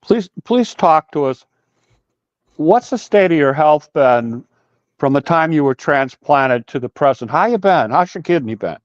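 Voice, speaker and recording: A man hosting a live video broadcast, asking gentle, pleading questions. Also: a little high, expressive, measured pace, no room sound. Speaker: host. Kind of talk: interview questions. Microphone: live video call broadcast. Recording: dry, dull lo-fi line.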